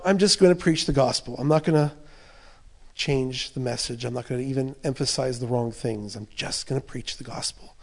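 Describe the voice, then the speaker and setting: A man preaching with passion, his voice sitting a little high for a man. He voices an apostle's fears and prayers in the first person, rising to urgent, loud cries and dropping to hushed, near-whispered words. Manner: impassioned, voicing Paul's inner thoughts, swings from loud to soft. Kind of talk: sermon.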